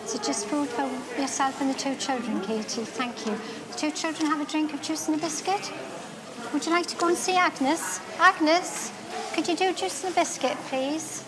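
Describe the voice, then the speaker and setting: An actress playing a bright, welcoming food bank worker. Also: female voice, high-pitched, normal speed, a crowd in the background, close to an everyday voice. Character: cheerful female food bank worker greeting visitors.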